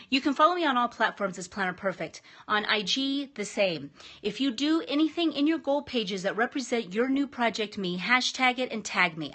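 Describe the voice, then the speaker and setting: A woman in her thirties talks straight to her viewers in an upbeat, emphatic way. Her voice sits slightly high, and she chats freely, restarting her sentences as she goes. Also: a bit bright. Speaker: vlogger. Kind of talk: casual motivational talk to camera.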